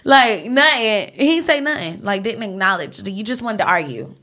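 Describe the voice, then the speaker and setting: A woman with a bright, forceful voice retells reality TV gossip in loose, slangy casual chat. She swears freely and acts out little snatches of the people she describes. Her tone is lively and conversational, not scripted. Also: medium pitch, moderate pace. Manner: animated storytelling with swearing and slang. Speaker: podcast co-host recapping reality TV.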